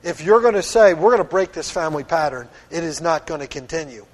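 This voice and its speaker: Preaching with a fairly high, animated voice and quick delivery, a middle-aged Pennsylvania pastor stays earnest and firm while keeping things conversational. Long reverb from the hall fills the recording.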